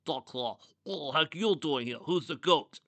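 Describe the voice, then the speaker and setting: A man voicing a brash male metal monster with an Australian accent who blurts out loud questions. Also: on the high side, animated, normal speed, no room sound, voice pushed up, exaggerated voice. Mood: baffled.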